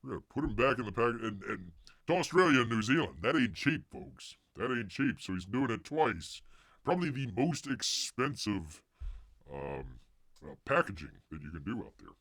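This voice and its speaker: A man's voice: lowish voice, sing-song, moderate pace, fairly bright tone, dry recording, studio quality. A man hosting a casual live stream, rambling and joking, muttering asides and calling himself Bear. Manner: rambling, jokey, calls himself Bear in the third person; mutters asides under his breath. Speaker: host of a comics news live stream.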